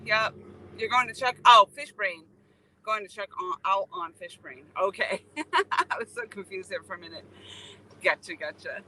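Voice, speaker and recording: A woman's voice: mid-range voice, normal speed, pushed and bright, a little hiss or hum. A woman hosting a fishing livestream from a riverbank, chatting with viewers by name and laughing easily. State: out of breath. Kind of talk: casual live chat with viewers. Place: outdoors by a river.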